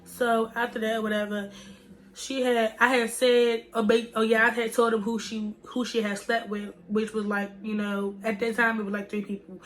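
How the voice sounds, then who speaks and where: A woman's voice: fairly high pitch, level tone, moderate pace, a bit bright. Slangy young woman telling a story. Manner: chatty, slangy, addresses viewers as y'all. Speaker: vlogger. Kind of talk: casual storytime.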